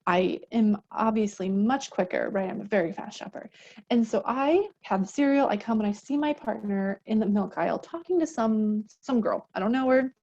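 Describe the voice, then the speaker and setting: Conversational woman advocate, mellow lo-fi sound. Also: mid-range voice, moderate pace. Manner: conversational, acts out example dialogues; often adds a tag question at the end of points. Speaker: domestic violence advocate. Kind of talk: educational talk on unhealthy relationships.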